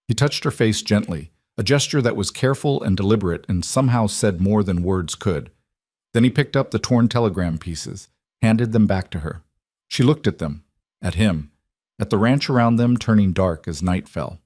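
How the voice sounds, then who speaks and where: A man narrating a frontier romance story in steady, measured scripted narration. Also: fairly low pitch, no room sound, clean studio sound.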